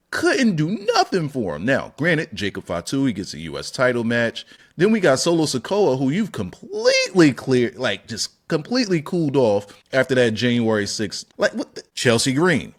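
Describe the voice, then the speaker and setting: A man hosting a wrestling opinion channel, ranting in an animated, profane way, firing off rhetorical questions and sudden high-pitched exclamations. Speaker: wrestling commentary channel host. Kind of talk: opinionated solo rant.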